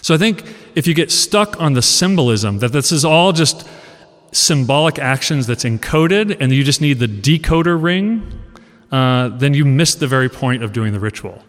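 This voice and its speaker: A man's voice: mid-range voice, moderate pace, faint music behind. Man in his forties in an echoey hall. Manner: animated storyteller, acts out quoted lines; conversational, asks the audience questions. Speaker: college professor. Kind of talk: casual lecture talk. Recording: long reverb of a hall.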